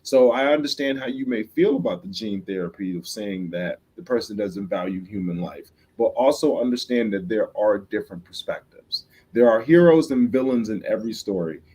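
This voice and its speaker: Man, love coach, from the Midwest, podcast interview, husky, emphatic, repeats himself. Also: on the low side, normal speed, few pauses, warm tone. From Chicago, US Midwest. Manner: emphatic, repeats and restarts phrases, coaxes the listener.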